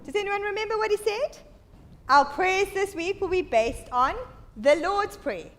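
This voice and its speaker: A woman giving an animated children's Bible talk in a church, leading the children in call-and-response storytelling. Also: very high voice, moderate pace. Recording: echoey church hall.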